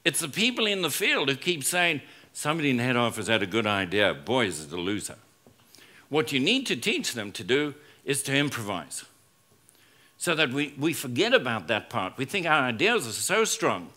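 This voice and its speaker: A man's voice: fairly high pitch, sing-song, moderate pace, pushed and bright. A man, a business school professor, giving a humorous conference talk to a live audience, telling stories and acting out quoted lines. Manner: storytelling, acts out quoted lines, jokes with audience.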